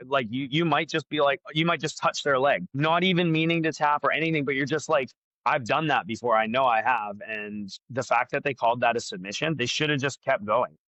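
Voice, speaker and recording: A man, a jiu-jitsu black belt and gym owner, talking candidly as a podcast guest and thinking out loud with lots of fillers. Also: mid-range voice, a little fast, no room sound, rough recording. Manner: candid, frank, talks through his thinking with many fillers. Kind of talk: casual podcast conversation.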